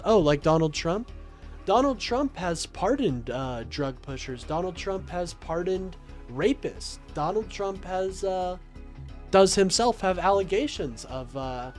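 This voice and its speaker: A young man with a slightly high voice argues with his chat on a livestream, sarcastic and combative, and keeps calling people "my friend." Faint music plays underneath him. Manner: argumentative and sarcastic, often says "my friend". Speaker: livestream host taking calls and reading chat. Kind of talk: casual political livestream talk.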